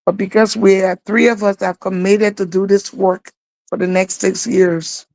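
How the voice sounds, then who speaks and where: A woman's voice: medium pitch, fairly even intonation, moderate pace, darkish tone, no room sound, rough recording. Earnest woman co-host, dry sound. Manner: emotional, rambling storytelling. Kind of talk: live online talk show.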